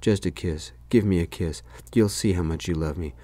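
A man's voice: low voice, normal speed, warm tone, dry recording. A man voicing a drunk, pushy ex-boyfriend who belittles his ex, in whispered role-play. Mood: belittling. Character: drunk, clingy, insulting male ex-boyfriend.

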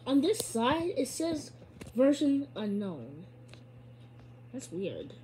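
A woman's voice: high voice, sing-song, takes it slowly, mellow, slight background noise. A woman giving casual, chatty let's-play commentary, giggling and talking back to a game character. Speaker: gamer.

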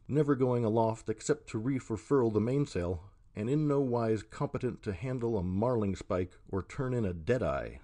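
A man reading an audiobook in a measured, scripted narration. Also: on the low side, darkish tone.

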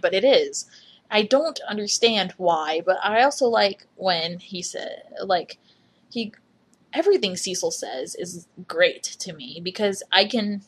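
A young woman rambling in a casual voice memo, apologizing often and speaking in a husky voice. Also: medium pitch. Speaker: fan recording a voice memo.

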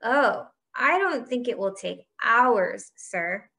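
A woman voicing a smug, falsely cheerful boy who flatters the adults. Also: on the high side, slow pace, gravelly, exaggerated voice. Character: smug, fawning rich boy.

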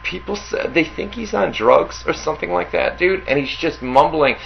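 A man co-hosting an internet radio show, animated and defensive in casual chat, swearing freely. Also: fairly high pitch, normal speed, creaky, hardly any pauses, muffled recording.

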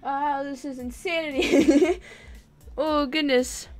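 A woman with a high voice chats her way through a live game stream. She giggles, calls out to friends and apologizes in an excitable way, but she talks at an unhurried pace over faint game music. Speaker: gaming livestreamer. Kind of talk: live gameplay chatter.

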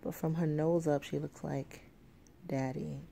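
A woman's voice: deep voice, little pitch movement, measured pace, creaky, warm tone, slight background noise. A young woman vlogging casually from home, rambling and chatty with many fillers. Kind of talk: casual vlog talk. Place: home, at night with sleeping baby.

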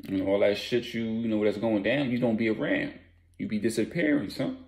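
A man voicing a male crew boss who scolds a member in a measured tone. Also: on the low side, darkish tone, echoey room, close to an everyday voice. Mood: scolding.

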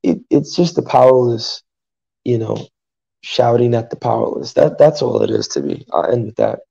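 A man speaking as a podcast panelist in a casual discussion, hesitant and halting, often pausing with fillers. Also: medium pitch, expressive, gravelly, dark tone, breathy edge, highs cut off.

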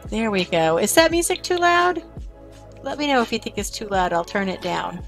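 A woman's voice: mid-range voice, very animated, normal speed, fairly bright tone, faint music behind. A woman streamer casually commenting on her gameplay, chatting to her game characters and her viewers.

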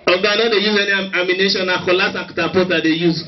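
A man in a Nigerian Pidgin accent voicing a young male robber who slowly and meekly owns up under questioning. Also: high-pitched, fairly even intonation, lightly acted. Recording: distant, dull stage recording.

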